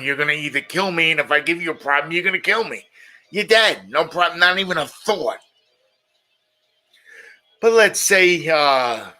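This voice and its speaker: A man's voice: on the high side, bright, forceful tone. A middle-aged man hosting a casual monologue show, blunt and opinionated, often repeating his points. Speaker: show host.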